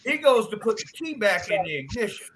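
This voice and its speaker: A man hosting a live stream, telling long dirty jokes in an animated, profane way. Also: high voice, fairly quick, slight background noise. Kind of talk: casual joke-telling.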